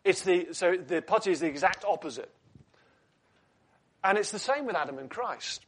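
A man's voice: high voice, expressive, normal speed, breathy edge. A man preaching a sermon in an earnest teaching tone, asking rhetorical questions and adding light asides.

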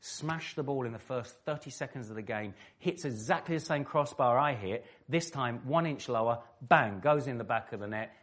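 Animated middle-aged man telling stories. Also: on the low side. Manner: animated, vivid storyteller who laughs often. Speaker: former footballer and pastor, interview guest. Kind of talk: storytelling in an interview.

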